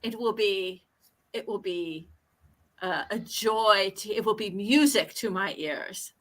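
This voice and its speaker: A woman voicing an effusive, flowery English gentleman botanist in a tabletop role-play. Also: medium pitch, slow. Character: genteel older English male botanist, effusive.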